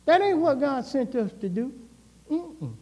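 A male pastor preaches a sermon in a reverberant church hall, using call and response while his intensity rises and falls. His voice is extremely high-pitched, very animated, a little mellow, and a little slow.

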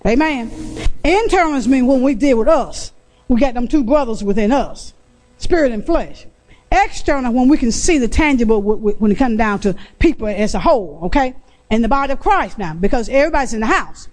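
A woman preacher delivering a sermon, reading scripture slowly and drawing call-and-response from the congregation with repeated phrases. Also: high-pitched, darkish tone. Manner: reads scripture verses aloud slowly and explains them.

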